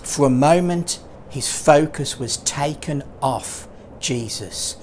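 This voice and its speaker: A man's voice: fairly high pitch, slow pace, darkish tone, slight background noise. A man and children's puppeteer telling a Bible story in a playful, dramatic way. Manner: playful, dramatic, with lots of vocal swings.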